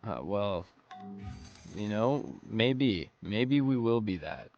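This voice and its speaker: A man's voice: lowish voice, sing-song, slow pace, gravelly, muffled recording, soft background music. A man giving casual let's-play commentary, rambling and thinking aloud as he plays. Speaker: gameplay commentator.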